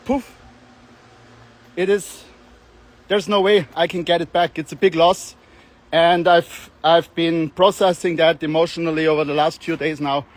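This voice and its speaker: A man's voice: high-pitched, a little hiss or hum. A man streaming live outdoors on a street, talking in a rambling, joking, self-mocking way.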